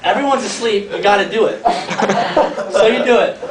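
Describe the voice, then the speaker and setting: A man's voice: high-pitched, normal speed, a loud crowd. A man doing a crude mock stand-up routine, rambling and asking the audience questions. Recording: echoey room from far off with a laughing audience. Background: audience laughter.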